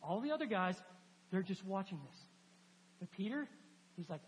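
A pastor giving a lively sermon to a congregation, acting out scripture and joking with the listeners. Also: medium pitch, normal speed, pauses often. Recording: long hall reverb, faint hum.

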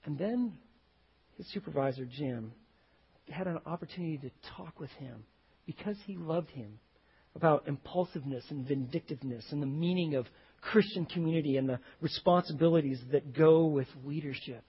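A man preaching a sermon as a pastor, telling stories and rising to sudden loud emphasis. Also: a little high, moderate pace, breathy edge, muffled recording.

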